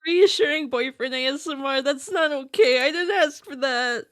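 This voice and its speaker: Excitable woman streamer, dry close sound. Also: sits high, normal speed, no echo. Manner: excitable, laughs often. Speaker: live streamer. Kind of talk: casual live-stream chat reading viewer messages.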